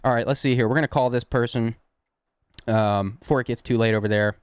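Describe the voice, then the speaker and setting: Recorded at studio quality with a clean tone and no echo, a young man from the Southern United States speaks fairly quickly at medium pitch with fairly even intonation. He has a Southern accent and chats casually with his prank-call livestream viewers, rambling and chuckling.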